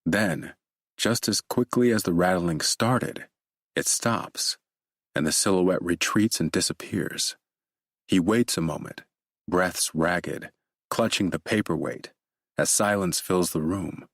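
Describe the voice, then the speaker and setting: A man narrating a thriller audiobook in a steady, measured way. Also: sits low, dry recording, studio quality.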